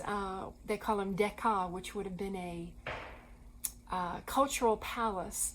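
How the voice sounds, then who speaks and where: A woman's voice: mid-range voice, a little hiss or hum, rough recording. Earnest woman telling ministry stories. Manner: earnest, animated storyteller. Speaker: co-host of a Christian ministry program. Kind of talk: storytelling conversation.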